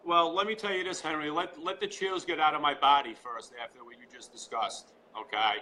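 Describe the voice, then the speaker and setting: A man with a New York accent talks as an interview guest. His voice sits a little high and rings bright and forceful. He speaks with fervent conviction and circles back on his words. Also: fairly quick, slight background noise, poor audio. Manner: fervent, repeats "you know" often. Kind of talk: casual interview chat. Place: at home.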